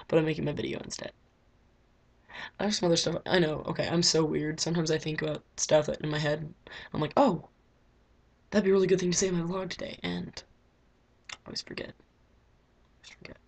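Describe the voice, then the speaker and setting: A woman's voice: sits low, steady tone, fast talker, long pauses. A teenage girl vlogging from her bedroom, rambling casually with lots of fillers. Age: teens. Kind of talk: casual diary vlog.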